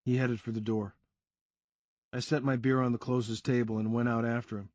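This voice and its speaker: A man reading a first-person crime story aloud in a steady storytelling delivery. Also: medium pitch, fairly quick, no echo, lo-fi sound. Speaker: audiobook narrator. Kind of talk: first-person scripted narration.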